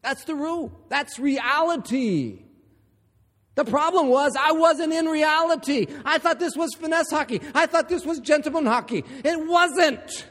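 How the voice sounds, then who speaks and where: A man from Ohio preaching a sermon, emphatic and building to forceful repeated lines. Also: very high voice, a little slow, in a large hall.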